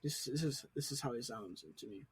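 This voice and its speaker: A teenage boy chatting casually and telling a rambling story in a soft, mumbled way. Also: mid-range voice, brisk, slightly rough. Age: teens. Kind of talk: casual chat.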